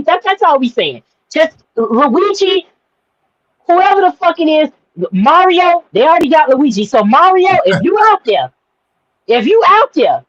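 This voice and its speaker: A woman's voice: sits high, no room sound, lo-fi sound. A woman co-hosting a podcast in brash, profane casual chat, rambling and repeating herself. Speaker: podcast co-host.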